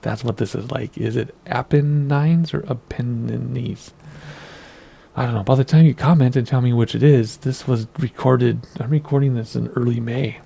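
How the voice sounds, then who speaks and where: Thirties man, gravelly, low and mellow; chatty, rambling gameplay host. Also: fairly even intonation, a little fast, hardly any pauses. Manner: chatty, rambling, wavers over pronunciations. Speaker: flight sim video host. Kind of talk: casual gameplay commentary.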